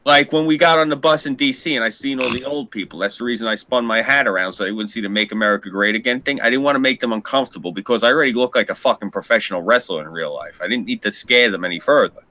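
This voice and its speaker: A man's voice: mid-range voice, fast, hardly any pauses, pushed and bright. A man in casual podcast chat, telling a profane, heated story and acting out what people said.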